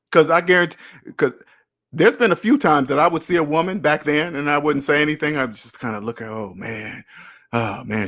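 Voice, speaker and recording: A man's voice: fairly high pitch, a bit bright. A man in his thirties or older hosting a casual livestream, talking bluntly and preachily to viewers and swearing freely. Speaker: host. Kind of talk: casual livestream talk, reading and answering chat.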